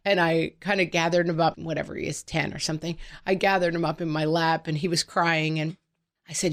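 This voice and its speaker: A woman in her forties co-hosting a podcast in casual chat, telling stories with lively acted-out quotes. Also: deep voice, brisk. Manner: animated storytelling, quoting family in character. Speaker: podcast co-host.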